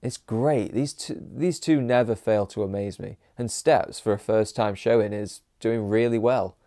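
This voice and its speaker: A man's voice: lowish voice, normal speed, mellow, dry recording, clean studio sound. Laid-back man reacting to music. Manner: candid, swears freely, joking asides. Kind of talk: casual reaction commentary.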